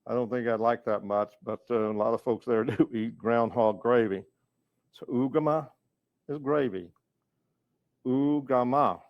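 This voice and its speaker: A man from North Carolina teaching a language lesson, going slowly and patiently, repeating each word and chuckling now and then. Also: mid-range voice, no echo. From North Carolina, USA. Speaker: educator and storyteller. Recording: dull, lo-fi recording.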